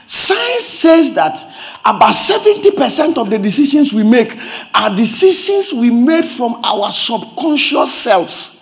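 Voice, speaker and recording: A pastor preaching a sermon in a high voice that leaps around in pitch. He explains like a teacher, keeps asking if he is understood, and swells into loud, emphatic preaching. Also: sing-song, a little slow, vocal fry, faint music behind. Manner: teacherly, checks understanding with repeated questions.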